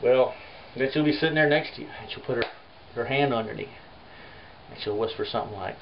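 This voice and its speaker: Guy rambling a funny story, lots of "you know", mid pitch, muffled lo-fi audio with faint hiss. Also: fairly quick, creaky, long pauses. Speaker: folk artist. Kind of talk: rambling comic monologue.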